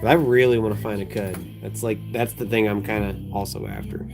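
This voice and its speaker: A man's voice: fairly low pitch, steady tone, brisk. Rambling man chatting over music. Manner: rambling, laughs often, lots of fillers. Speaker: livestream host sorting coins. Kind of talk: casual chat. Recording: music playing behind.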